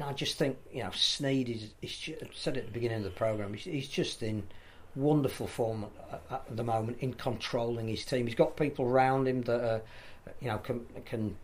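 A man, talking through rugby league as a pundit in a casual podcast chat, measured and full of restarts. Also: mid-range voice, a little mellow. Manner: thoughtful, measured analysis with frequent restarts.

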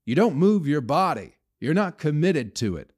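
A man's voice: fairly high pitch, very animated, moderate pace, darkish tone. A man hosting his own podcast, rambling and ranting with heavy swearing and frequent restarts. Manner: profane, ranting, full of restarts. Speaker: podcast host. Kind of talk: solo rambling podcast rant.

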